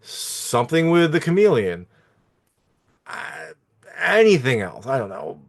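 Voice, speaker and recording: A man's voice: a little high, very animated, measured pace, gravelly. Chatty man recapping a movie. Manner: chatty, meandering, lots of fillers and asides. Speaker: movie reviewer. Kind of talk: casual spoken film recap.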